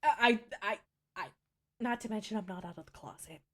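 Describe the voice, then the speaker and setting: A woman's voice: mid-range voice, normal speed, fairly bright tone. A young woman streamer chatting casually, self-deprecating and swearing freely.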